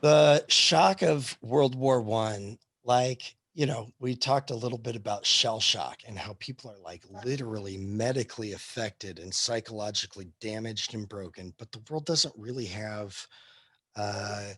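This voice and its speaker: A man's voice: fairly low pitch, measured pace, fairly bright tone, no echo. A man teaching history in a casual live class discussion, rambling with many fillers and restarts.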